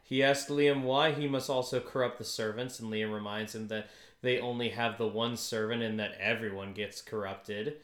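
A man with a bright, forceful voice co-hosts a casual podcast, rambling through recaps and restarting his sentences. He laughs easily, and the room gives his voice a noticeable echo. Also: mid-range voice, steady tone, normal speed. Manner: rambling, self-interrupting, laughs often. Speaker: podcast co-host. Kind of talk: casual chat.

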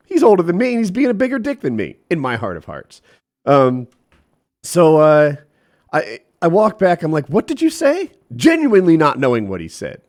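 A man's voice: a little high, moderate pace. A middle-aged man telling a story in casual chat, quoting the people in it and swearing freely. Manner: animated, profane, quotes people in voices.

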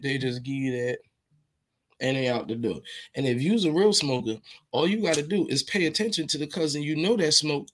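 A man hosting a podcast, telling funny stories in a casual, animated, slangy way and repeating phrases for effect. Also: fairly high pitch. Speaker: podcast host. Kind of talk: casual comedic storytelling.

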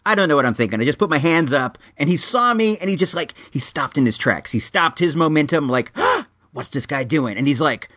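A man's voice: fairly high pitch, expressive, a little fast, few pauses, fairly bright tone, dry recording. A man hosting a podcast who tells a personal story casually and acts out both sides of an argument. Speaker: podcast host.

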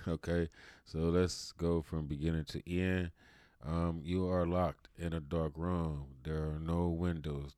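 A man's voice: low-pitched, a little mellow, clean tone, no room sound, studio quality. A man hosting his own show and talking in a casual, rambling monologue full of "you know" fillers. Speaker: show host.

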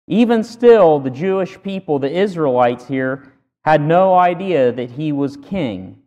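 A man preaching a sermon with earnest emphasis, punching key words loudly between pauses. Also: fairly high pitch, lively intonation, big-room sound, highs cut off. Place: church sanctuary.

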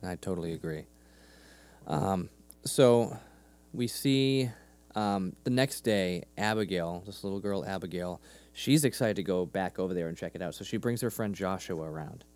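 Co-hosting a podcast, a man in his thirties recaps scenes in casual conversation and animatedly performs the characters' quoted lines. His voice sits low and he talks at a normal speed.

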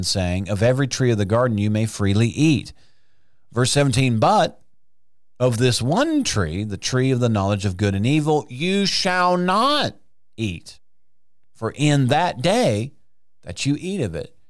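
A man with a lowish voice delivers Bible teaching on a podcast like a sermon, pressing his points hard, posing rhetorical questions, and stretching important words. It's a dry studio recording.

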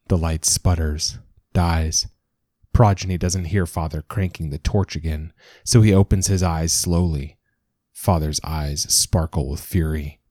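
A man reading a dramatic story as narrator, in a measured storytelling manner. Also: extremely low pitch, fairly even intonation, a little mellow, dry recording, studio quality. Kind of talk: scripted narration.

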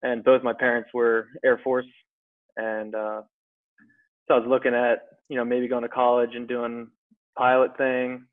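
A young man in his twenties from rural Pennsylvania, answering interview questions in a low-key, brief way. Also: monotone, unhurried. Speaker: guest, pararescue graduate. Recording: phone-like thin sound.

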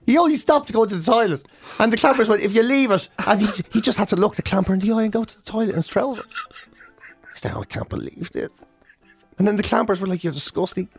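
A man's voice: sits high, racing, creaky, husky, soft background music. An Irish man co-hosting a radio show, telling stories with lots of acted-out quotes. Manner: animated storyteller, acts out quotes. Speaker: radio co-host. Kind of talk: casual chat.

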